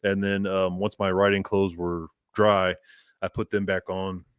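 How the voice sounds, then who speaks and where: A man's voice: low voice, little pitch movement, unhurried, smooth, no echo, studio quality. A man telling a road-trip story on a podcast, laughing often and acting out both sides of the conversation. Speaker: podcast guest. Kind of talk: casual storytelling.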